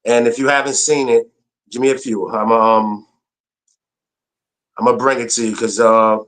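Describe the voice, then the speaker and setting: Man, show host, casual news chat, relaxed loose delivery, fillers. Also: mid-range voice, moderate pace. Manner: laid-back, loose, with fillers.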